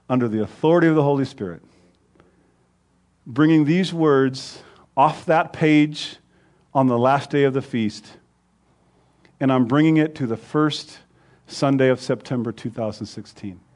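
A middle-aged male pastor preaching a sermon, rising loud on scripture and dropping low and soft.

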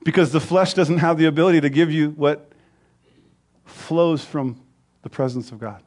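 A middle-aged male pastor preaching a sermon, rising loud on scripture and dropping low and soft. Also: normal speed.

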